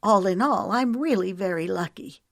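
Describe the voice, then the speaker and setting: A woman's voice: mid-range voice, normal speed, no echo, studio quality, natural voice. A woman narrator voicing a frightened mother whose voice trembles as she breaks hard news.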